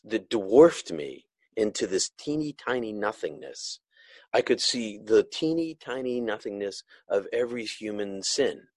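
Earnest man with a low voice. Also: dry recording. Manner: earnest and emotional, halting with restarts. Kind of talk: personal testimony of a near-death experience.

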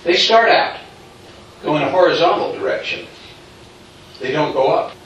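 A man's voice: on the high side, lively intonation, normal speed, fairly bright tone. A man telling a story in a sermon-like way, acting out what people said and chuckling along. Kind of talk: preached storytelling. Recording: very echoey hall, distant mic, faint noise.

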